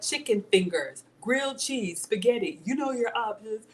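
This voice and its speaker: A woman hosts a home cooking livestream from her kitchen, chatting in a lively, animated way. Her voice sits at a middle pitch, and she talks straight to her viewers. A faint hum runs behind her. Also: fairly quick. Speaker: home cook livestream host.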